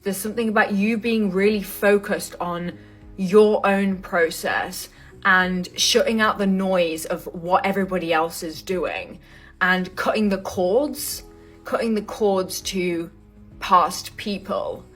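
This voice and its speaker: A woman giving an intuitive tarot reading to camera, talking casually, full of fillers and pausing to search for words. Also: mid-range voice, a bit bright, faint music behind. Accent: not American. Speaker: tarot reader.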